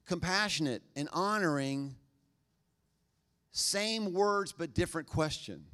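A man's voice: fairly high pitch, slow pace, pauses often, clear, resonant tone. Casual, joking man preaching a sermon. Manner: conversational, joking, animated acted-out quotes. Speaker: pastor.

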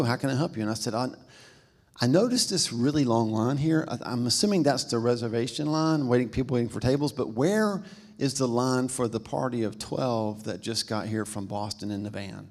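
A man, a pastor preaching a sermon, telling a story and acting out the voices of the people in it. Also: medium pitch. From American South. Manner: storytelling, acts out quoted voices, says "y'all". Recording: reverberant church hall.

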